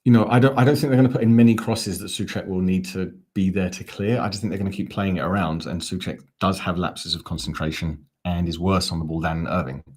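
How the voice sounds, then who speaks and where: Football fan host, male, deep voice, chatty live-stream commentary, reads the chat with wry asides. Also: fairly even intonation, fast talker, few pauses, a little mellow, husky.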